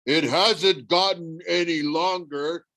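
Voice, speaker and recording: A man voicing a huge, half-blind male cyclops who makes slow, loud demands. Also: fairly high pitch, fairly even intonation, pitched above the performer's own voice, heavily acted. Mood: demanding.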